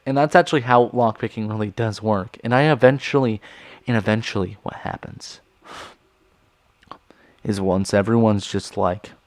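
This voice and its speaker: A man's voice: mid-range voice, gravelly, dry recording. A young man casually telling a storytime vlog, rambling with lots of fillers and constant swearing. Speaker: vlogger telling a school story.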